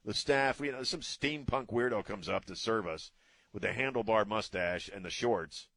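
A man's voice: fairly low pitch, normal speed, vocal fry, fairly bright tone, dry recording. Blunt, ranting middle-aged man. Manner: blunt, ranting, casual cursing. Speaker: radio talk show host. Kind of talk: opinionated radio talk.

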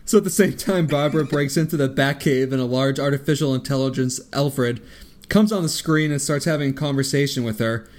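A man's voice: medium pitch, a little fast. A man co-hosting a casual movie-review podcast, sarcastic and often laughing through his jokes. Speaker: podcast co-host.

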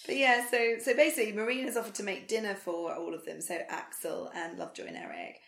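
A woman's voice: mid-range voice, expressive, fast, gravelly, fairly bright tone, a little hiss or hum. Woman co-host with a strained voice, casual chatty recap, echoey room. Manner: chatty, laughs often, bursts into playful sing-song. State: voice strained from singing earlier. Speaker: podcast co-host. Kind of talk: casual chat recapping a TV episode.

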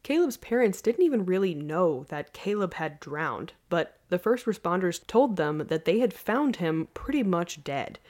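A woman's voice: fairly low pitch, normal speed, few pauses. A woman hosting a podcast, telling a story in a casual, earnest way. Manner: earnest, lively, laughs easily. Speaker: podcast host.

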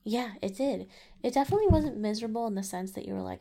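A woman's voice: mid-range voice, quick pace, creaky, dark tone. A woman co-hosting a casual movie review podcast, chatty and laughing easily, with lots of "like". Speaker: podcast co-host.

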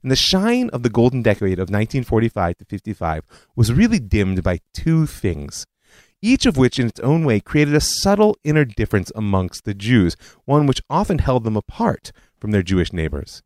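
A man's voice: mid-range voice, big pitch swings, moderate pace, darkish tone, dry recording. A man hosting a history podcast, telling it as a story with conversational asides. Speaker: podcast host. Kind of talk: scripted history narration.

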